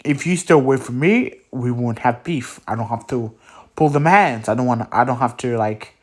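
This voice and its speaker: Man casually quoting a calm cocky young hero. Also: mid-range voice, moderate pace, natural voice. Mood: plain. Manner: loose, filler-filled quoting.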